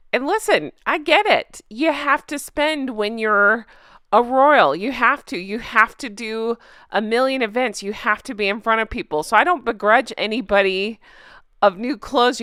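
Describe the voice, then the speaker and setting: A woman vlogger giving casual commentary to her viewers, incredulous and emphatic, breaking into laughter and slowing down to stress her points. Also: fairly high pitch, bright, forceful tone, clear, resonant tone, dry recording, studio quality.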